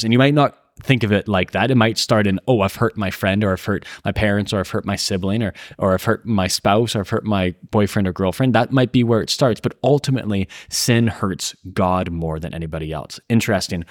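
A man's voice: on the low side, no room sound, clean studio sound. A young man co-hosting a casual Christian podcast, thinking aloud with frequent fillers and restarts. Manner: thoughtful, searching for words with many fillers and restarts. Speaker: podcast co-host.

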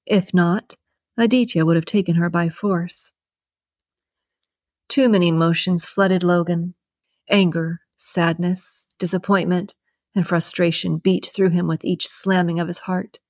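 A woman reads from a novel in a measured, even way, her voice sitting on the low side. She is an audiobook narrator delivering scripted narration, and the studio recording is clean with no room sound.

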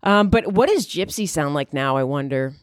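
Woman comic host, low-set voice, dry close sound, crude and rambling, with sudden high outbursts. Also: lively intonation, moderate pace, no room sound. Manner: profane, rambling, swings into loud high exclamations. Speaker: comedian podcast host. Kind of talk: casual comedic monologue.

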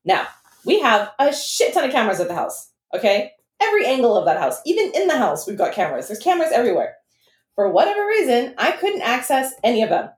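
Young woman, podcast co-host, animated, foul-mouthed storyteller, slightly high voice, echoey room. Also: fast. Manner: animated storytelling, swearing freely. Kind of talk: casual chat.

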